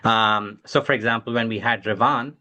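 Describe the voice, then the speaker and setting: A man's voice: lowish voice, fairly even intonation, normal speed, sharp tone. A man speaking as a guest on a parenting panel, talking with many fillers and restarts. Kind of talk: casual panel discussion.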